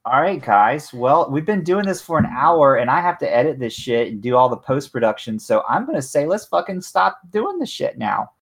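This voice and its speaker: A man's voice: medium pitch, big pitch swings, moderate pace, hardly any pauses, fairly bright tone, slightly rough. Laid-back swearing male podcast host. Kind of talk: casual group chat.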